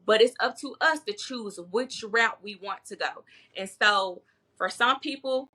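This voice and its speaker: Bright, emphatic woman herbalist. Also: fairly high pitch, a little slow. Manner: bold, emphatic, repeats words when stressing a point. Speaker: herbalist guest. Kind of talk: casual podcast conversation.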